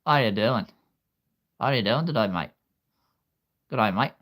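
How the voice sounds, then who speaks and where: A man's voice: fairly low pitch, expressive, unhurried, a bit bright. A man putting on an Australian accent as a chirpy, matey bloke greeting people. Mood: cheery. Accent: Australian (put on).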